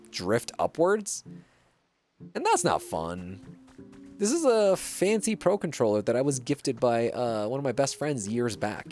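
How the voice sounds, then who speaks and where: A man's voice: medium pitch, a little mellow. A man streaming a video game, chatting casually and reacting to viewer messages. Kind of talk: casual gameplay livestream chat.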